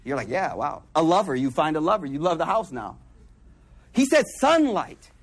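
A man giving a casual, slangy sermon and acting out quick asides in a lower voice. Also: big pitch swings. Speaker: preacher.

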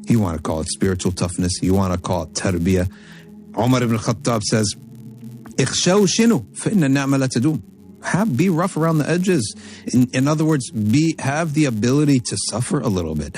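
A man giving a religious lecture, telling a story from Arabic texts and explaining it in English with animated, emphatic delivery. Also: medium pitch. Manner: emphatic, repeats phrases for stress. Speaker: Islamic teacher.

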